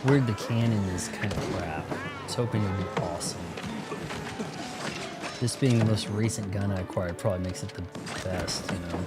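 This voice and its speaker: A man's voice: sits low, moderate pace, over loud music. A man streaming a video game, talking casually and rambling while joking and muttering to himself. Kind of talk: casual gameplay commentary.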